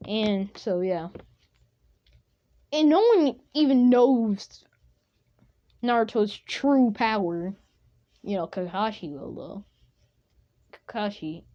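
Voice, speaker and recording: Woman, medium pitch, rambling casual storyteller, unhurried; dull lo-fi recording. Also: mellow. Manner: rambling, full of fillers like 'you know'. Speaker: fan storyteller. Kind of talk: casual improvised fan-fiction retelling.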